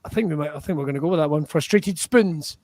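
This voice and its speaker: A man runs an improv show over a video call, excitable and jokey, and he swears freely. His voice sits a touch high, and the sound is dry and close. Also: very fast, no echo. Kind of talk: livestream improv hosting.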